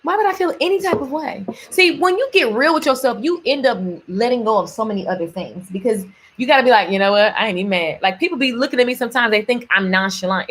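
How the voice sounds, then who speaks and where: A woman's voice: on the high side, a bit bright, breathy edge. A woman giving a playful, ranting motivational faith talk to her viewers and calling them baby and honey. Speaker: faith-based lifestyle vlogger.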